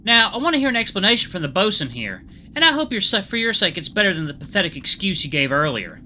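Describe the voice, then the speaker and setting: A man's voice: sits high, very animated, fast, bright, forceful tone, voice pushed up, full character voice. A man voicing a furious, pompous male bull passenger who bellows his demands. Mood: outraged.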